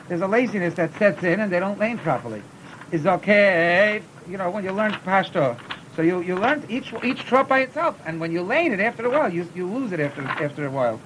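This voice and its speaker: High-voiced man teaching chant, tinged. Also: a bit bright, slight background noise, low-quality recording. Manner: repeats words while explaining, sings short chanted examples. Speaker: teacher of Torah cantillation. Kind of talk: classroom lesson.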